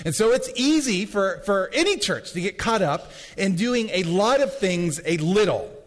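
A man's voice: high voice, lively intonation, moderate pace. A man preaching a sermon as pastor, losing his voice, speaking emphatically and repeating key phrases. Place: church sanctuary. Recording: long hall reverb.

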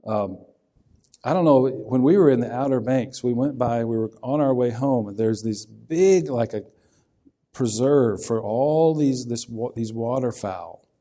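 Guy preaching, chatty and folksy, warm mellow voice, keeps asking the folks questions. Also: medium pitch, a little slow. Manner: folksy, conversational, asks the listeners questions. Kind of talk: sermon.

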